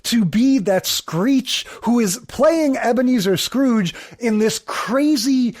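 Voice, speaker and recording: This is a podcast co-host in relaxed conversation about old sitcoms. The voice is mid-pitched and even. The delivery is wry and punctuated with laughs and little acted-out bits. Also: takes it slowly. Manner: wry, laughs often, acts out scenes with sound effects. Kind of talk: casual chat recapping a sitcom.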